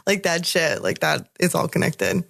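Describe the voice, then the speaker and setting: A woman's voice: lowish voice, sing-song, normal speed, gravelly, a bit bright, no room sound, studio quality. A woman guesting on a film podcast, gushing and chatty with lots of fillers. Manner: gushing, laughing, filler-heavy. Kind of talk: casual film-review chat.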